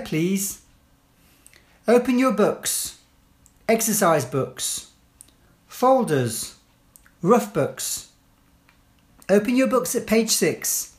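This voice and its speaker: Slow, lilting woman reading classroom phrases. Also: mid-range voice. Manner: clear, deliberate phrase-by-phrase delivery. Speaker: language teacher. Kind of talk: slow read-aloud list of classroom phrases.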